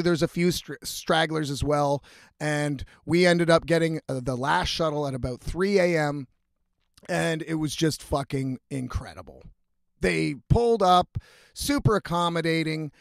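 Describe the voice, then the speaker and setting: Brief: young male vlogger, swears constantly, restarts a lot, high-pitched voice, dry booth-like sound. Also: vocal fry, no room sound. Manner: profane, rambling, animated storytelling with restarts. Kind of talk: casual storytelling vlog.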